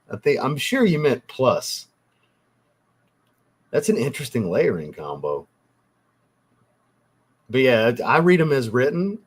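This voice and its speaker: Husky-voiced man joking on a livestream. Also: medium pitch. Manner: joking, teasing, blunt, swears casually. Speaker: livestream host reading viewer chat. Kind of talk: casual livestream chat.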